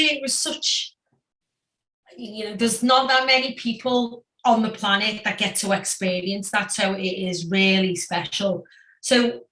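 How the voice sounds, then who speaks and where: Bright, animated woman in an echoey room. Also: medium pitch, far from the mic. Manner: animated, laughs often, acts out voices in anecdotes. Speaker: podcast guest, former girl-band singer. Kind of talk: casual storytelling interview.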